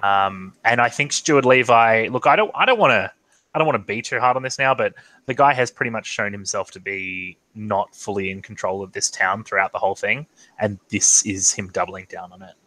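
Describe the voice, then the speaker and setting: A man's voice: on the low side, a little fast, pushed and bright, dry recording, rough recording. A man running a tabletop role-playing game over an online call, narrating the scene in a hesitant way full of ums and restarts. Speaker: game master. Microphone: online video call.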